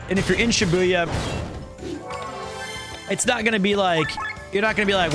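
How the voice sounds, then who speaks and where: Male streamer, high bright tone, loose joking chatter over faint game music. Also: moderate pace, pauses often. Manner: rambling, playful, jokey. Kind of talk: casual live-stream chat.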